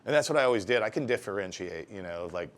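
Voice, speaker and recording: A man's voice: lowish voice, fast. A man being interviewed about his work as a tattoo artist, telling rambling, heavily profane stories in a casual way. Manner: animated when acting out dialogue.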